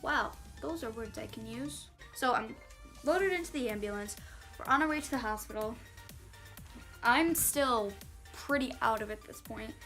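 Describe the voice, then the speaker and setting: Young woman vlogger, bright forceful voice, lively storytime delivery over soft music. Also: fairly high pitch, normal speed. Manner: animated storytelling, quoting others in acted voices. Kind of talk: storytime vlog. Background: faint background music.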